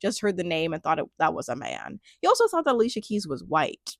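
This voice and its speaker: A woman's voice: fairly low pitch, wildly swooping pitch, quick pace, gravelly, no echo, studio quality. A woman in her twenties chatting casually as a music vlogger, laughing often and trailing off into restarts. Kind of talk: casual commentary vlog.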